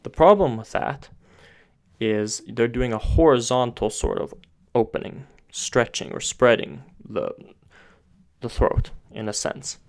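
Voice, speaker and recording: A man's voice: mid-range voice, a little slow. A man teaching singing technique, explaining step by step and often restarting his sentences as he thinks aloud. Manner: talks with his hands, pointing to parts of his throat and face.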